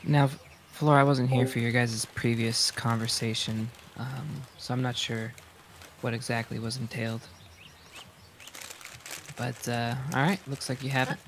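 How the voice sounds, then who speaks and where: Brief: relaxed male player, mid pitch, plain casual chat on a voice-chat mic. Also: moderate pace, slight background noise. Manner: easygoing, with fillers and sighs. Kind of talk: casual chat at a tabletop game.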